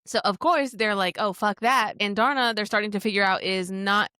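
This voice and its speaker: A young woman co-hosting a casual book podcast, animated and swearing often as she recaps scenes. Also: medium pitch, moderate pace, clear, resonant tone, no room sound, studio quality. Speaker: podcast co-host.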